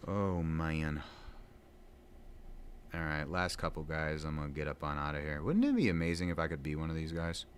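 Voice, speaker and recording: A gaming vlogger around thirty chats loosely at home while playing a game, rambling casually, mocking himself and using plenty of fillers. His voice is a rumbling low and expressive, at a moderate pace, with slight background noise.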